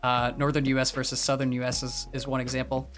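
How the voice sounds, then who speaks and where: A man's voice: mid-range voice, monotone, fast talker, fairly bright tone, soft background music. A young man from the northeastern US, chatting casually on his livestream and rambling, with many fillers and restarts. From northeastern US, near Boston. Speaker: streamer.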